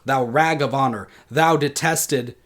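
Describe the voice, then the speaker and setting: A man's voice: medium pitch, a bit bright, lightly acted. A vengeful old queen casting curses, read by a man. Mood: cursing. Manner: slow, deliberate dramatic reading of verse. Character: bitter deposed old queen hurling curses. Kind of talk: dramatic reading in a lecture.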